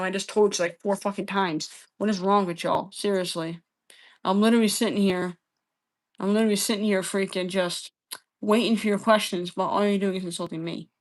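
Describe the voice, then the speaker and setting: Woman streamer, combative and profane, scolding her chat, keeps repeating herself. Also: mid-range voice. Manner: repeats phrases over and over. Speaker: livestream debater. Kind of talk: heated livestream argument with chat.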